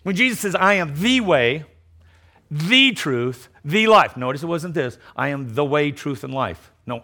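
An animated but unhurried middle-aged preacher delivers an emphatic sermon. His voice swings between loud declarations and low mocking asides, and he often restarts by repeating words.

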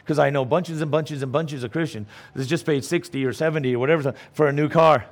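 A man's voice: a little high, fairly even intonation, quick pace. A middle-aged male pastor preaching a sermon in an emphatic, conversational way, full of rhetorical questions.

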